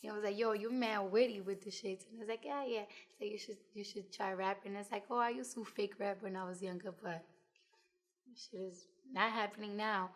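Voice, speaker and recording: This twenty-something New York rapper talks fairly quickly in a mid-range voice. In a casual interview she's blunt, profane and animated as she tells her stories.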